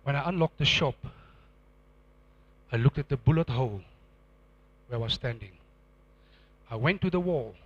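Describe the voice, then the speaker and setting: A middle-aged man, preaching a sermon and telling a dramatic testimony, acting out scenes with sudden loud outbursts. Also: medium pitch, lively intonation, moderate pace, long pauses, breathy edge, no echo, dull audio.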